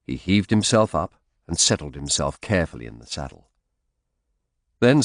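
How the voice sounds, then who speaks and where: A man narrating an audiobook in first person with expressive, dramatic storytelling. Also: low voice, no echo, studio quality.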